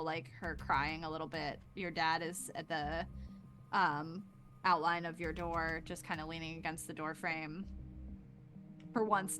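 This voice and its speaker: A woman narrates a tabletop role-playing game at an easy pace. She talks loosely, with plenty of fillers and pauses. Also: on the low side. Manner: casual, filler-heavy narration. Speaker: game master.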